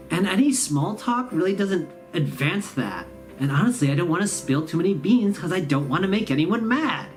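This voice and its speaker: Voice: mid-range voice, a little mellow. A host, telling a sarcastic, rambling comic story about the holidays. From Midwestern US. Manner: sarcastic, rambling, self-mocking. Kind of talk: comedic storytelling monologue.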